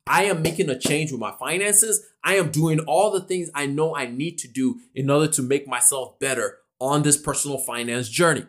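A man's voice: a little high, a bit bright. A man giving a motivational talk on personal finance, emphatic and repetitive, acting out little imagined conversations. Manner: emphatic, repeats key lines for stress.

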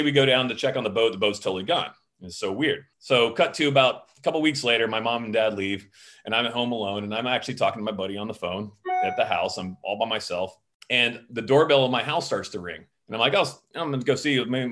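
A man talking quickly, his words tumbling out in an animated, rambling way as he tells a story. He is a middle-aged film director from Florida, chatting casually as a guest on an interview show. His voice sits at an ordinary pitch. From Florida, USA.

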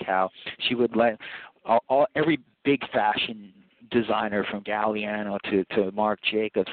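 A man's voice: lowish voice, no echo. A man being interviewed as a filmmaker, telling long rambling stories with laughs and acted-out quotes. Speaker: filmmaker guest. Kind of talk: casual interview storytelling. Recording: dry, tinny phone-line sound.

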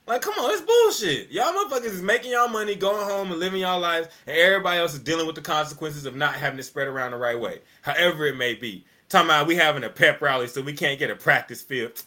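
Casting note: fired-up male podcaster, high bright voice, swears freely, hammers points by repeating. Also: quick pace, few pauses. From American South. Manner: profane, emphatic, repeats himself. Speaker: podcast co-host. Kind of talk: heated casual podcast rant.

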